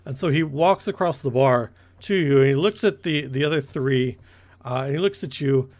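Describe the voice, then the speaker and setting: A man's voice: mid-range voice, moderate pace, darkish tone. A man running a tabletop game as game master, narrating loosely and correcting himself as he goes. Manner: rambling, corrects himself often.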